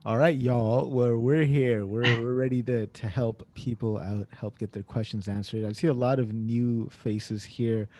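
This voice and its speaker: A man hosting a casual online happy hour on a video call, relaxed and easygoing, often calling people "man". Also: medium pitch, measured pace, hardly any pauses, background noise. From Canada. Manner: laid-back, says "man" often, fillers. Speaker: host.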